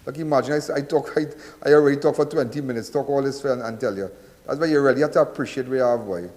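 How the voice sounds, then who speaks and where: A Trinidadian man hosts a live call-in show, rambling and repeating himself as he preaches to listeners. His voice sits at an ordinary male pitch. A long hall reverb trails behind every phrase. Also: quick pace, darkish tone. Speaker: call-in crime show host. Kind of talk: live call-in radio talk.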